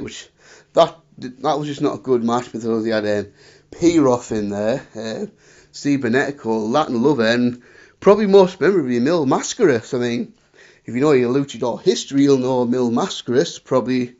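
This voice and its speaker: A man in his thirties from the northeast of England with a Northeast English accent, hosting a casual wrestling chat and telling stories with lively bursts. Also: mid-range voice. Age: 30s. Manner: chatty, animated storytelling with shouted impressions. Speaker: podcast host. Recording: slightly dull lo-fi recording.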